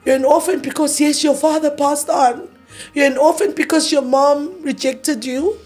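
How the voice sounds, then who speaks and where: A woman's voice: sits high, steady tone, moderate pace, a little mellow, soft background music. A grieving woman in her thirties tells her story in an interview, emotional and repeating herself as she acts out past arguments in quoted dialogue. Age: 30s. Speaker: interview guest.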